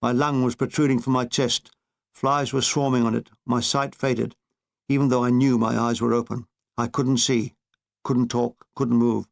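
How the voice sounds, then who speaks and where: A man's voice: medium pitch, level tone, normal speed, gravelly. A man narrating his own war memoir as an audiobook, in a dry, wry storytelling manner.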